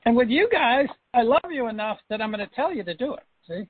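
A man's voice: very high-pitched, lively intonation, quick pace, husky, no echo. A man coaching his trainees on a call, stressing points by repeating them. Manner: emphatic, repeats himself for stress. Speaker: sales coach. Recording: phone line, dry.

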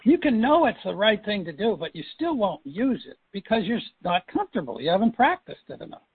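A man's voice: high-pitched, big pitch swings, brisk, slightly rough, no room sound. A man coaching his trainees on a call, stressing points by repeating them. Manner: emphatic, repeats himself for stress. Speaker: sales coach. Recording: phone line, dry.

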